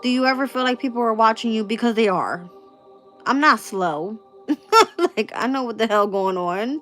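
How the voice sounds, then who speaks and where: A woman's voice: on the high side, slow, long pauses, fairly bright tone, soft background music. A woman hosting a tarot channel in a casual live-stream chat, blunt and profane and laughing often. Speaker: tarot reader and channel host.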